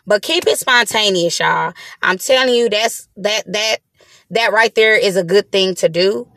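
A woman telling a story straight to her viewers in a casual, animated way, swearing freely and acting out what she said at the time. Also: mid-range voice, a little slow. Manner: animated, profane, acts out her own quotes; talks straight to the audience with slangy asides.

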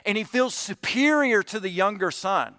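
A man's voice: high-pitched, lively intonation, normal speed, sharp tone, no echo. A man preaching a conversational sermon, speaking earnestly and directly to his congregation, often restarting his phrases. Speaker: pastor.

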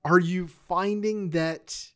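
A man co-hosting a podcast in casual chat, animated and quick to laugh. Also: high voice. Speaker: podcast co-host.

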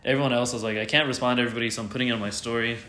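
A man's voice: medium pitch, fairly even intonation, rapid-fire, sharp tone, slight background noise. A man speaking candidly as an interview guest, rambling with lots of fillers and some swearing. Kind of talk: candid casual conversation. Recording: roomy echo.

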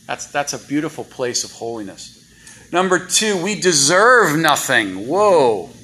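A man's voice: on the high side, very animated, a little slow, pushed and bright, a little hiss or hum, low-quality recording. A man preaching a sermon in a church, chatty and full of rhetorical questions to the congregation. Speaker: guest preacher. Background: congregation responses.

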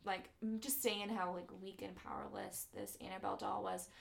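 Chatty woman with a gravelly voice. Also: mid-range voice, big pitch swings, moderate pace. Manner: chatty, many fillers and likes. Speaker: podcast host. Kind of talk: casual chat, retelling a true story. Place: podcast studio.

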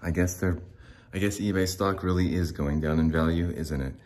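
A man's voice: low voice, fairly even intonation, normal speed, darkish tone. A man hosting a podcast, talking through a rambling, sarcastic solo rant with lots of fillers. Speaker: podcast host.

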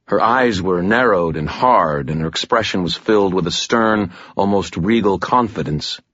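A man narrating an audiobook in a steady, measured storytelling voice. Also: deep voice, dry recording, lo-fi sound. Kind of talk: scripted narration.

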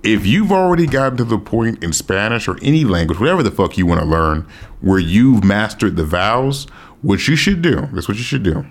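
A man giving casual, profane advice to his viewers, animated and emphatic, often repeating himself. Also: lowish voice, fairly quick. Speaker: language learning vlogger. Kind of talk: casual advice monologue to camera.

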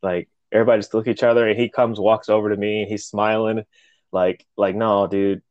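A man's voice: fairly low pitch, fast talker, no room sound, lo-fi sound. A man co-hosting a podcast, telling a story casually and animatedly, with plenty of swearing and acted-out quotes. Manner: animated, profane, acts out quotes. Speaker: podcast co-host.

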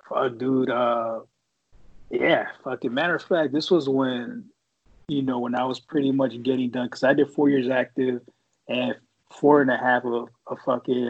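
A former Marine reservist, middle-aged and from the Bay Area, swears and rambles through a war story in casual conversation, leaning on lots of filler words. His medium-pitched voice is slightly rough, captured in lo-fi sound.

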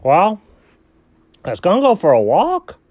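A man's voice: high-pitched, measured pace, dry recording, full character voice. Easygoing goofy rich dog, played by a man; bouncy, rambling improv delivery, dry close mic. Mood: bemused. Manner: lively, rambling, bemused. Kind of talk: improvised audio story.

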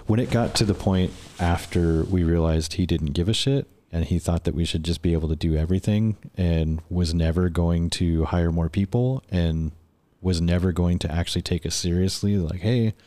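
This podcast guest, a man with a low-pitched voice, speaks at a moderate pace and barely pauses. His casual work story is loaded with swearing, and he animatedly performs the quotes.

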